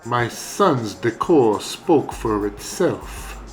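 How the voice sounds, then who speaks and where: A man voicing a gruff German Shepherd mob father who narrates in a deadpan, wisecracking hard-boiled style for a cartoon. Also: mid-range voice, extremely slow. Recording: roomy echo, faint music.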